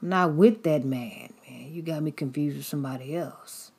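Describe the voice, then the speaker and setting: Defensive man shrugging off accusers, low and muttered, as a woman preacher puts him on. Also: normal speed, gravelly, darkish tone, husky, full character voice. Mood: dismissive. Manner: dismissive, casual slang denials. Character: Peter, a defensive man denying everything.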